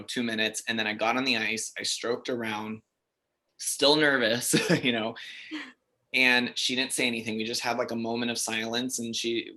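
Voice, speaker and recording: Bright-voiced man telling his story. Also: mid-range voice. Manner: chatty, animated, many fillers. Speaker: interview guest, figure skater. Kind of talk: casual interview storytelling.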